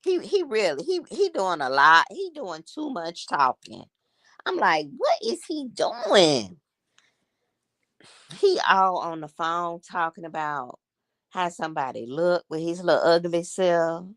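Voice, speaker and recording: A woman's voice: on the low side, very animated, measured pace, a bit bright, dry recording, clean studio sound. A woman in her sixties hosting a casual livestream chat, gossiping and talking to her viewers as y'all. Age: 60s. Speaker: livestream host.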